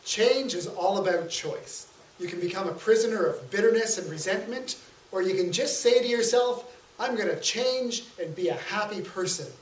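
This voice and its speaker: A man's voice: sits high, normal speed, lightly acted. A man doing a preachy folksy TV psychologist. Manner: lecturing in homespun sayings. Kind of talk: amateur stage comedy skit. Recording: echoey hall from far off.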